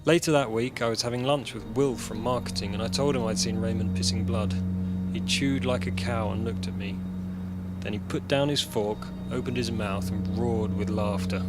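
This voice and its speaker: A man's voice: lowish voice, fairly even intonation, moderate pace. A man reading a personal short story aloud in a dry, matter-of-fact way. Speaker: story reader. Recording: music bed under voice.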